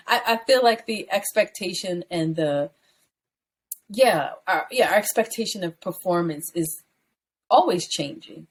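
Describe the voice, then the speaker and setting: A woman co-hosting a podcast in casual chat, animated and rambling, swearing freely and jumping up high when she riffs. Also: a little slow, husky. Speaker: podcast co-host.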